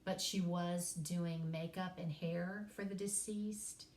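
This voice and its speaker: A woman's voice: fairly low pitch, steady tone, takes it slowly, a little mellow, slight background noise. Folksy woman telling classroom stories. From East Tennessee, USA. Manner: folksy storytelling, self-deprecating humor. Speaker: college English teacher. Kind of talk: recorded course lecture. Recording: echoey room.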